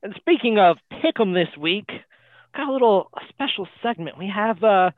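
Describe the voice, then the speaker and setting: A man's voice: high-pitched, animated, moderate pace, no room sound. A man co-hosting a casual sports podcast, teasing the others with dry jokes. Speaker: podcast co-host. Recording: dry, tinny phone-like line.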